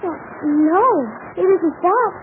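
A sweet young woman, flustered and a little breathless, with a very high voice. It is a 1940s radio serial. The sound is narrow and tinny, with faint hiss. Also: takes it slowly.

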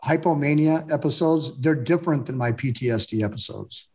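A man speaking reflectively in a candid, casual conversation, often pausing and restarting. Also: a little high, a little mellow.

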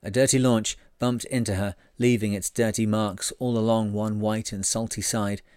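A male narrator reading a sailing memoir aloud in a measured storytelling manner. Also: on the low side, level tone, darkish tone, clean tone, dry recording, clean studio sound.

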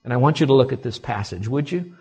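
Male pastor, husky tone, dynamic pulpit delivery swinging soft to loud, church sermon. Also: mid-range voice, quick pace, soft background music. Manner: animated preaching with wide swings from quiet to loud.

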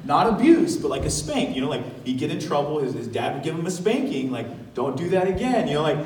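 A man preaching as pastor in a conversational, animated way, with casual asides and laughter. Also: on the high side, fairly quick, roomy sound, recorded from a distance, poor audio. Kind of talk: sermon. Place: church sanctuary.

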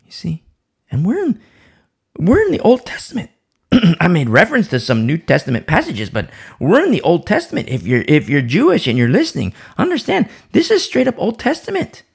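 A man's voice: high-pitched, huge pitch swings, a little fast, vocal fry, breathy edge. A man teaching a Bible study in sermon style, emphatic and fond of repeating phrases for stress.

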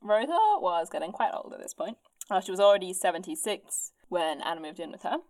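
A woman's voice: fairly quick, dry recording. A woman casually telling a history story on a podcast, acting out quotes with big jumps in her voice. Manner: animated, acts out quotes with big pitch jumps.

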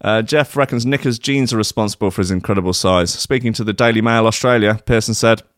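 A man's voice: lowish voice, fast talker, dry recording, clean studio sound. A man casually reading strange news stories aloud, rambling with frequent fillers and sarcastic asides. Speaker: podcast host reading odd news stories.

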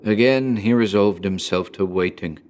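Low-voiced man narrating a horror tale. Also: a little mellow. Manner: measured, deliberate reading. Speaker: podcast host and narrator. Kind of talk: scripted horror story narration.

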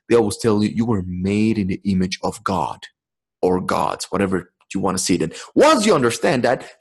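A man's voice: lowish voice, husky. A man hosting a podcast, delivering a blunt, swearing, intense motivational monologue. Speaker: podcast host.

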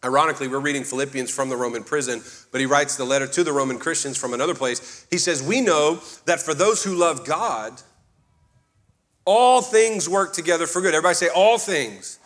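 A man preaching a fervent sermon, swinging between quiet, intimate stretches and loud, rising calls to the congregation. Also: a little high, a little fast. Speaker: pastor.

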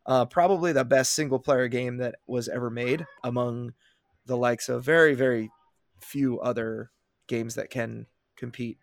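A man's voice: mid-range voice, moderate pace, creaky, dry recording, clean studio sound. A man hosting a podcast, talking casually and energetically, often restarting his sentences. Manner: energetic and chatty, with frequent restarts. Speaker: podcast host.

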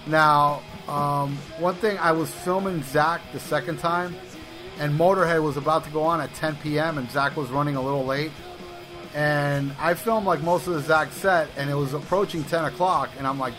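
A man's voice: fairly high pitch, steady tone, normal speed, over music. A man co-hosting a podcast, telling long casual anecdotes with restarts and swearing. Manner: rambling anecdotes with restarts and profanity. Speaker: podcast co-host. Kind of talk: casual chat, storytelling.

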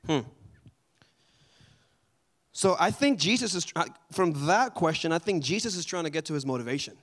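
A man leading a group Bible study in a casual, animated way, often asking the group questions. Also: a little high, normal speed.

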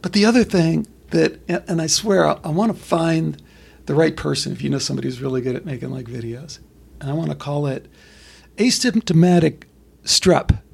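A middle-aged man talking as a podcast guest, blunt and profane, telling stories in an animated way. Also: on the high side, moderate pace, gravelly, breathy edge. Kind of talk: casual conversation.

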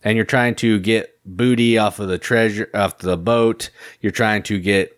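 A man with a fairly low voice chats easily as co-host, agreeable and unhurried. The sound is dry and close. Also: steady tone, dry recording. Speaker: podcast co-host. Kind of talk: casual chat.

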